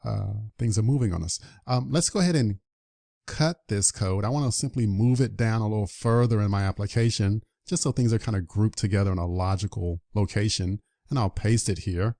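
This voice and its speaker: A man's voice: on the low side, brisk, vocal fry, mellow, no room sound. A man teaching programming in a screen-recorded coding tutorial, upbeat and walking through each step aloud. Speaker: programming instructor.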